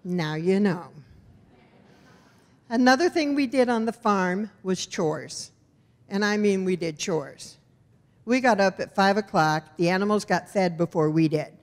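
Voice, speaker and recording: Woman storyteller from rural Iowa, wry and expressive, mid-pitched, in a reverberant hall. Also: a little slow. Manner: wry, expressive, animated in punchlines. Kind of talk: live personal storytelling. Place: storytelling event venue.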